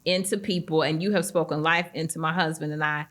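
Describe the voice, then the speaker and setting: A middle-aged woman hosting a podcast in casual chat, an animated storyteller who acts out the voices she quotes. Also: sits low, a little fast. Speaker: podcast host.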